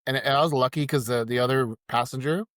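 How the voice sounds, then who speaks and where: A man's voice: medium pitch, fast, dry recording, studio quality. A man, telling a rideshare story in casual chat and acting out the quotes. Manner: animated storyteller, acts out quotes. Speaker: podcast guest, rideshare driver.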